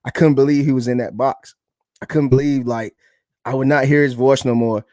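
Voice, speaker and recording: A man's voice: medium pitch, steady tone, normal speed, darkish tone, dry recording, studio quality. A man in his thirties, a podcast co-host, telling a personal story in a casual, earnest and reflective way, often calling the listener "man".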